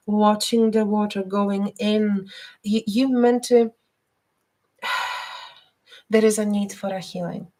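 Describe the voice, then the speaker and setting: A woman hosting a live stream and giving spiritual readings, talking gently with many hesitations and repeated words. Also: mid-range voice. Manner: soft and gentle, guiding breathing.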